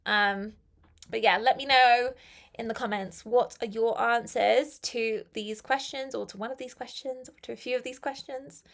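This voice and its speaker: A woman's voice: fairly high pitch, steady tone, moderate pace, vocal fry, a bit bright. A young British woman from England, chatting casually as she teaches a live English class and reads viewer comments aloud.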